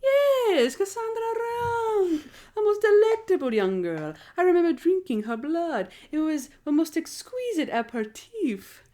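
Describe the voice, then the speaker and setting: A woman's voice: extremely high pitch, very animated, unhurried, mellow, pitched above the performer's own voice, exaggerated voice. A woman putting on an impression of a suave, theatrical male vampire, drawn out and hammy. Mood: relishing.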